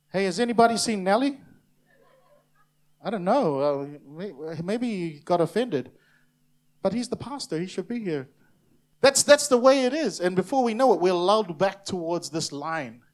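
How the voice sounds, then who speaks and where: A man from New Zealand preaches to a congregation in a church. His voice sits high, and his delivery is emphatic, with playful asides where he acts out the voices of the people he is talking about. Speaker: pastor. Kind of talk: sermon.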